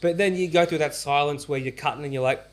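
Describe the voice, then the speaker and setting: A man's voice: fairly high pitch, fast. Give me an earnest man chatting casually on a podcast, restarting his sentences. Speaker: podcast host and barber. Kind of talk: casual storytelling chat.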